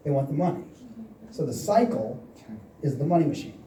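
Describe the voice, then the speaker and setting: Telling stories at a motivational seminar, this man in his forties acts out the dialogue he quotes. His voice is a little high and dark, with big pitch swings and a fairly quick pace, and the distant mic in an echoey hall picks up slight background noise.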